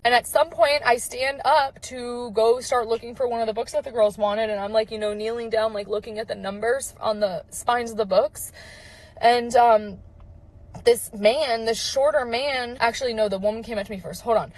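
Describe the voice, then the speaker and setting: A young mother tells a long personal story, casual and full of fillers. Her voice sits a bit high for a woman, and she slips into quick impressions of the people she met. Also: steady tone, poor audio. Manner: chatty, lots of fillers, quotes people in voices.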